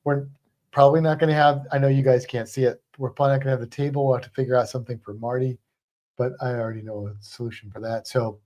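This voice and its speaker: Woman, very deep low voice, casual livestream co-host, chatty, teasing, home studio. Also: fairly even intonation, fast, dark tone, dull audio. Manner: chatty, teasing, greets viewers by name. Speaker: co-host of a livestream about pets.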